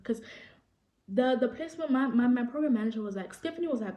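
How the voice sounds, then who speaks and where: A young South African woman with a South African accent, telling a story to the camera in an animated, excitable way and acting out what people said. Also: high-pitched, fast talker. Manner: animated, excitable storytelling, acts out quoted people, repeats phrases. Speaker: vlogger. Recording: echoey room.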